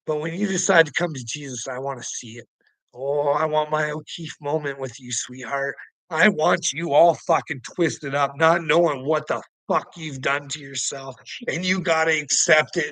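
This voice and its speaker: A man's voice: a little high, moderate pace, a bit bright, no echo, poor audio. A man ranting to the camera, taunting and swearing, with mocking laughs breaking in. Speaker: vlogger. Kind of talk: angry rambling rant to the camera.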